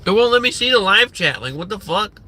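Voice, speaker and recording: A man ranting on his own livestream, sarcastic and heavy on swearing, who rambles with frequent fillers and false starts. His voice sits a little high for a man and has a very bright, sharp edge. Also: expressive, fairly quick. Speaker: livestream host. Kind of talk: profane livestream rant.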